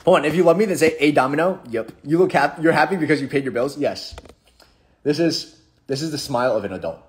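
A young man hosts a casual live stream and answers viewer comments. His voice sits a little high, and his talk is playful and jokey, full of restarts. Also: fast. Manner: playful, jokey, rambling with restarts and sudden mock-sad drops.

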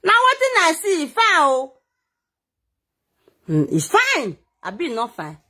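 Speaking at normal speed in a very high-pitched voice, a Nigerian-accented gossip vlogger tells stories casually. She's animated, full of exclamations and words repeated for effect.

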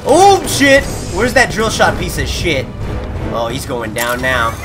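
A man giving excitable, profane commentary on his gameplay, with hyped whoops and trash talk. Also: mid-range voice, a little slow, over music. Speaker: gameplay video creator. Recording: game sound loud under voice.

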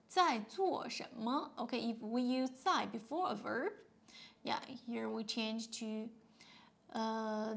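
A woman teacher with a Chinese accent speaks slowly in a slightly high voice with a gravelly edge. She explains patiently, repeats each word and keeps saying "yeah" and "okay" between phrases. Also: fairly bright tone. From China. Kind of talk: explaining a beginner lesson.

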